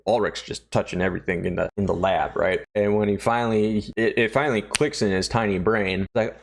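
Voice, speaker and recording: A man's voice: on the low side, fairly even intonation, brisk, creaky, hardly any pauses. A man casually recapping and reviewing a horror episode in a joking, rambling way. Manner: joking, rambling, full of fillers.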